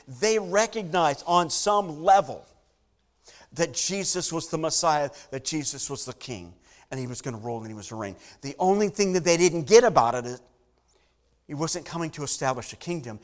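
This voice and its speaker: A man's voice: fairly high pitch, moderate pace, in a large hall. A man preaching a sermon to a congregation, emphatic, with repeated phrases and questions to the listeners. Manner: emphatic preaching with repetition and rising bursts. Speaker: pastor.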